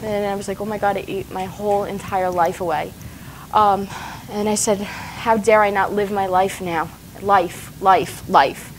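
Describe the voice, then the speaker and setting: A woman's voice: mid-range voice, fairly even intonation, a little slow, rough recording. Forty-something lady guest, teary and earnest, bit of noise in the room. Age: 40s. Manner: emotional, tearful, earnest. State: tearful. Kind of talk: casual interview.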